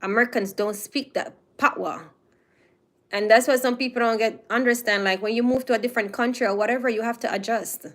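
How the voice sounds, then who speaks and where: A woman's voice: a little high, fairly even intonation, fairly quick, fairly bright tone. A woman from Jamaica with a Jamaican accent, giving a casual, opinionated commentary monologue and stretching out her emphatic phrases. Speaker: commentary host.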